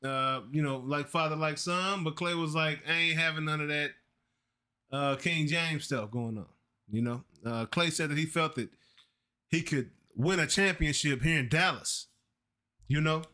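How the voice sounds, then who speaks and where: Bright, high-voiced sports host. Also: male voice, normal speed. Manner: excited, emphatic, folksy. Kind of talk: casual sports talk.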